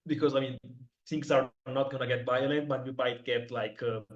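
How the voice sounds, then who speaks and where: A man's voice: mid-range voice, steady tone, moderate pace. An Italian man who speaks English as a second language, a podcast guest talking hesitantly and searching for words. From Italy. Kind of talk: casual interview. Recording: dull lo-fi audio.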